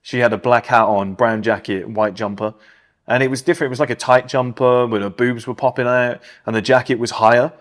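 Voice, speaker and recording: Fast-talking British man, blunt and casual. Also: medium pitch. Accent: neutral British. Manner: blunt, animated storytelling with many "like" fillers. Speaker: podcast co-host. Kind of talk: casual podcast chat.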